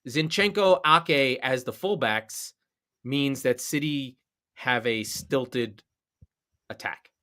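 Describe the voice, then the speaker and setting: Excitable bright-voiced man. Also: medium pitch, slow pace. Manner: excitable, swears, rises to near shouting when worked up. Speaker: podcast co-host. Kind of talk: casual sports chat.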